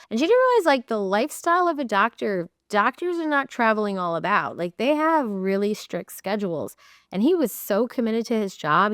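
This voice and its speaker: A woman's voice: on the high side, expressive, a little fast, clean tone, no room sound, studio quality. A woman marriage coach giving casual, direct advice to camera in a chatty way, often acting out the voices of the people she describes.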